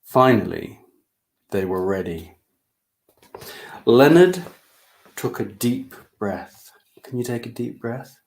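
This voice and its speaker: A man reading his picture book aloud to young children, animated and inviting them to join in. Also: mid-range voice, slow pace, creaky, pauses often.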